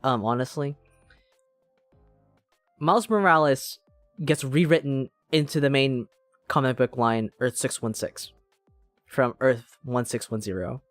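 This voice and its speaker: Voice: medium pitch, measured pace, long pauses, dry recording, faint music behind. A streamer in casual game-stream chat, rambling, swearing and cutting themselves off mid-thought. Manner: rambling, profane, self-interrupting.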